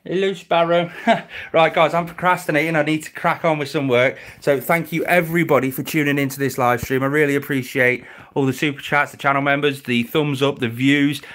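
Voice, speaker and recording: A man's voice: steady tone, brisk, fairly bright tone. Chatty man on a live stream. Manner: chatty and grateful, slips into a high baby voice for his pets. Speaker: reptile keeper streaming live. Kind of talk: casual live-stream chat. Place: indoors at home beside reptile enclosures.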